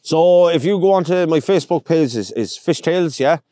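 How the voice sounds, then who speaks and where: A man's voice: on the high side, expressive, normal speed, mellow, no echo, clean studio sound. An Irish man from Longford, a pike fishing guide, chatting outdoors on a boat and telling stories in which he acts out the people he quotes. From Ireland, County Longford. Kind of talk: casual interview chat.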